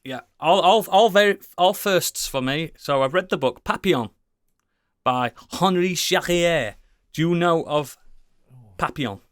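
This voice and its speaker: A man's voice: on the high side, measured pace, fairly bright tone, no room sound, clean studio sound. A British man co-hosting a casual podcast, rambling enthusiastically with lots of swearing and restarts. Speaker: podcast co-host. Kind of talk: casual chat.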